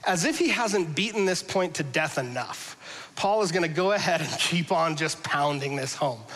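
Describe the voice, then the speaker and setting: A man preaching a conversational sermon to a congregation, joking casually and swinging between loud emphasis and hushed passages. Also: fairly high pitch, animated, moderate pace, in a large hall, low-quality recording. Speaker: pastor. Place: church hall with a congregation.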